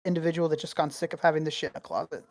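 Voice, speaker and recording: A woman co-hosting a podcast in casual chat, telling stories in a profane, rambling, animated way. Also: low voice, rapid-fire, no echo. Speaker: podcast co-host.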